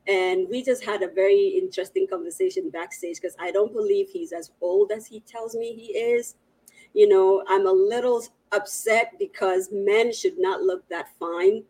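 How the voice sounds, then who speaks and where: A woman hosting a live online show, effusively greeting viewers and reading the chat in a playful, laughing manner. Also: mid-range voice. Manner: warm greeting of viewers in many languages. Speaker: host of an online storytelling show.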